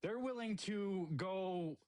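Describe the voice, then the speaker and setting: A man with a notably high voice, angrily ranting and swearing as he hosts a heated livestream argument. He talks over others and cuts in with exasperated comebacks. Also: slow pace, darkish tone, clear, resonant tone, rough recording. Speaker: livestream host.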